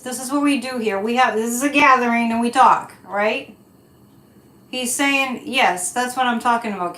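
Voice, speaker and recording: Her voice sits a little high with a fairly bright tone as this US woman runs a casual psychic livestream and responds to comments from viewers. Slow, deliberate, and emphatic, she comes across as indignant, and the recording echoes.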